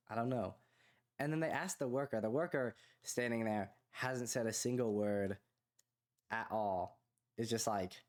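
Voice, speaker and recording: A young man co-hosting a podcast, telling a long casual story full of fillers like "like" and "you know", rising in pitch when he quotes other people. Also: a little fast. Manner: rambling, filler-heavy, animated when quoting others. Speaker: podcast co-host.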